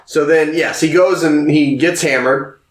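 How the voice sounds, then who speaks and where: A man casually retelling a movie plot on a podcast, animated and quick to swear. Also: on the high side, reverberant. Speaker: podcast co-host. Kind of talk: casual film recap chat.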